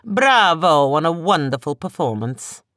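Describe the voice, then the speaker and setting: An audiobook narrator voicing an arrogant male villain colonel with an Italian-like accent, speaking slowly in a condescending, drawn-out way. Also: mid-range voice, big pitch swings, fairly bright tone, no room sound, clean studio sound. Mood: mocking.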